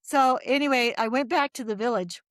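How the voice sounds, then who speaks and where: A woman's voice: on the high side, moderate pace, no echo, studio quality. A middle-aged woman telling her story as a podcast guest, acting out the voices of people she quotes. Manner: lively storyteller who acts out quoted voices.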